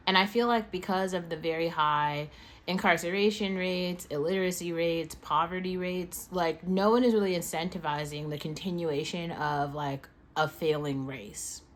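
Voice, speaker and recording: Young woman host with hiccups, low-pitched for a woman, rambling casual delivery heavy on fillers and swearing. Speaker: podcast host. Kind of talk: casual monologue.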